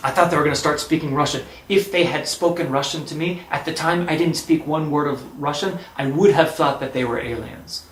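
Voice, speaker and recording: A man telling a personal story, lively and acting out the dialogue. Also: a little high, brisk, few pauses, echoey room, a little hiss or hum, low-quality recording. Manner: animated, acts out quoted dialogue.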